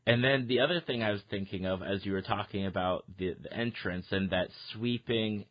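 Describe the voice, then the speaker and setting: A man hosting a podcast, chatting casually about a film in an easygoing way with "uh" pauses. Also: on the low side, lo-fi sound. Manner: conversational, agreeable, with "uh" pauses. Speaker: podcast host. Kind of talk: casual movie review chat.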